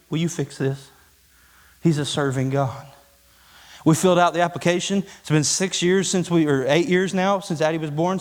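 Preacher guy in a church, kinda high voice, folksy and chatty, pushes hard on the big lines. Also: big-room sound. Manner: folksy, conversational preaching with rising emphasis. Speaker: pastor. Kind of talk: sermon. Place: church sanctuary.

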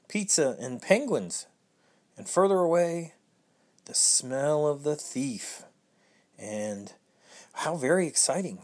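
A storyteller reading a rhyming children's picture book aloud in an expressive, sing-song way. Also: mid-range voice.

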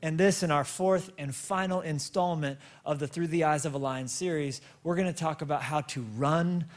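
A man preaching a sermon, telling a story with many stammered restarts and repeated words, and slowing down to stretch words for emphasis. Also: on the high side, steady tone. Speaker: pastor.

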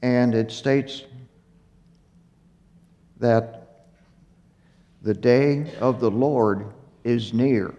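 A man giving a Bible teaching, speaking slowly and haltingly with fillers and self-corrections, a little out of breath. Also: medium pitch, dark tone. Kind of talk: unhurried Torah teaching. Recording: muffled recording in a reverberant hall.

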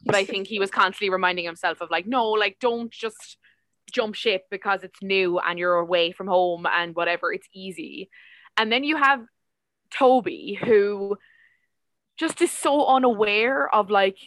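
Irish woman, podcast co-host, bright tone, dry close mic, animated and opinionated. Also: medium pitch, normal speed, no room sound. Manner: animated, opinionated, heavy filler "like". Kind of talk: casual chat.

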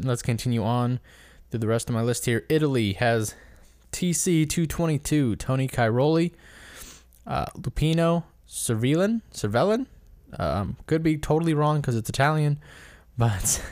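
A man's voice: mid-range voice, darkish tone, no room sound, clean studio sound. A man hosting a casual solo commentary episode, rambling and correcting himself as he stumbles over names. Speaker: podcast host.

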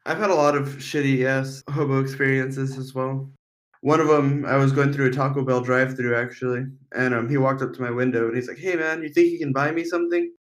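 A man's voice: mid-range voice, steady tone, fairly quick. A man on a podcast telling blunt, profane stories in casual chat.

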